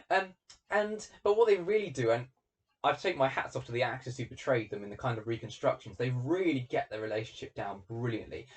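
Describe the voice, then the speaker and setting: A man hosting a casual commentary, chatty and animated with plenty of fillers and asides. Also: mid-range voice, far from the mic. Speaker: host.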